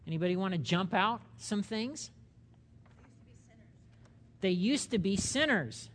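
A middle-aged man leading a church Bible study, talking conversationally and asking the group questions as he teaches. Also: high voice. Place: church meeting room.

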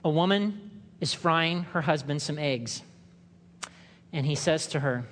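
A man preaching a sermon in a conversational way, acting out quotes in loud, higher voices. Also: unhurried, pauses often, long reverb tail. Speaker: pastor.

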